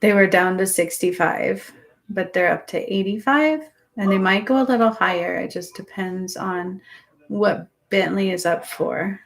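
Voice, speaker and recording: A woman doing an animal healing session on a live stream, talking in a soft, meandering way full of fillers and restarts, often describing symptoms as if she feels them herself. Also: medium pitch, unhurried, creaky. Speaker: animal energy healer.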